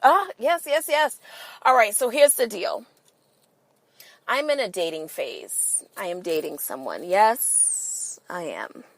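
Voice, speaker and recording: A woman's voice: medium pitch, no room sound. A woman hosting a podcast in a casual monologue, emphatic and swearing freely, firing rhetorical questions at listeners. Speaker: podcast host.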